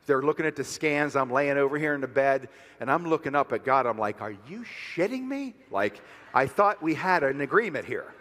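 A man's voice: mid-range voice, fairly quick, big-room sound. Fiery man giving a rally speech. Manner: fiery, builds to shouting. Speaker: speaker at a rally. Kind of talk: motivational speech.

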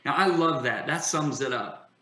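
A man talks like a fervent preacher, emphatic and driving. His voice is bright and forceful. The sound bounces around an echoey room. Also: fairly high pitch, moderate pace. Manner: emphatic, builds to impassioned declarations. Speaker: guest preacher.

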